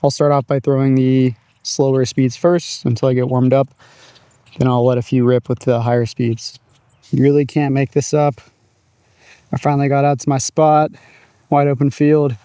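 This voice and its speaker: A man's voice: medium pitch, little pitch movement, normal speed, pauses often, mellow, clean tone, dry recording. A man casually talking through his disc golf throws in an open field, upbeat and chatty. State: out of breath at times. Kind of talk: casual outdoor vlog commentary.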